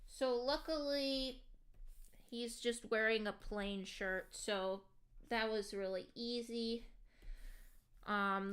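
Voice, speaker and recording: A woman's voice: a little high, fairly bright tone, clean tone. A woman streamer chatting casually to her viewers while she draws, with a lot of ums and likes. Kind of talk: casual livestream chat while drawing.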